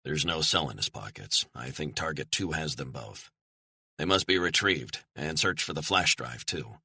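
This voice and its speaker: A man voicing a cold male operative who speaks slowly and flatly while posing as a helpful hiker in an audiobook. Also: a bass voice, slightly rough, no room sound, clean studio sound, exaggerated voice. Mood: low. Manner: slow, calm, flat reassurance. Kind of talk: audiobook character reading.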